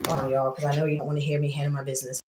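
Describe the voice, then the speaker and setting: A woman's voice: deep voice, level tone, racing, very noisy. A woman hosting a live stream, chatting casually and emotionally with her viewers and giving prayerful thanks. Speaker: livestream host.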